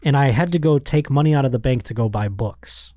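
A man in his thirties hosting a podcast, telling a story in a lively, casual way and acting out other people's lines. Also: mid-range voice, fairly quick, no room sound, studio quality. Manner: animated storyteller, acts out quoted voices. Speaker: podcast host. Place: podcast studio.

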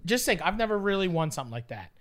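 A man's voice: high voice, very animated, racing, a bit bright. A man co-hosting a podcast with crude, teasing jokes and mock self-praise. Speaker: podcast co-host. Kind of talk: casual banter.

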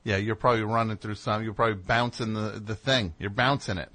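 A man hosting a call-in radio show, teasing a caller in excitable, triumphant banter. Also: on the low side, a little fast, a crowd in the background.

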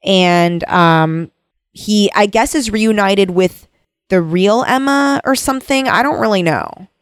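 A woman's voice: mid-range voice, slow pace, clean tone, dry recording. Casual woman recapping a book, dry sound. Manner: retells the plot, reads passages aloud softly. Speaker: book discussion co-host. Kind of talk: casual chat.

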